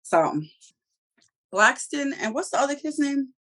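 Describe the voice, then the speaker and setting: A woman co-hosting a review show in casual chat, talking in an animated, profane way and acting out characters' lines. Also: high voice, a little slow. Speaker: TV review podcast co-host.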